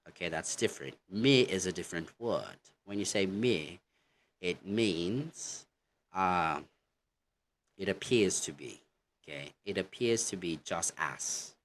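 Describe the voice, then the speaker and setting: Male teacher, very low voice, unhurried delivery, constant "okay" check-ins. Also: fairly bright tone, slight background noise. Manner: slow, repetitive, says "okay" constantly while demonstrating words. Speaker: English teacher. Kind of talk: online pronunciation lesson.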